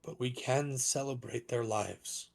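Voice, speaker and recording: A man's voice: mid-range voice, vocal fry. A man doing a solemn dragonborn councillor. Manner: slow, grave public address. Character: male dragonborn councillor addressing a city, solemn.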